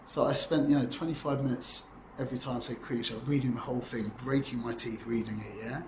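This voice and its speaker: A man's voice: medium pitch, steady tone, fast, reverberant, slight background noise. A man in his forties giving an informal Torah class, talking in a rambling, conversational way and often checking in with "yeah?". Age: 40s. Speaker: Torah teacher.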